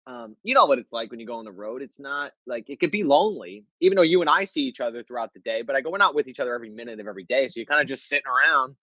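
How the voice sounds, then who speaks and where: A male comedian guest in casual chat, an animated storyteller who laughs often. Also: medium pitch, rapid-fire, hardly any pauses, no echo, dull audio.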